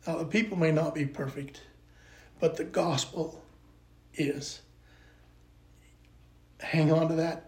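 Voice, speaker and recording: A man's voice: a little high, steady tone, slow, pauses often, a little mellow. Earnest older man, echoey room. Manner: earnest, rambling with restarts, turns emotional. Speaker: podcast guest. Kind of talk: casual interview chat.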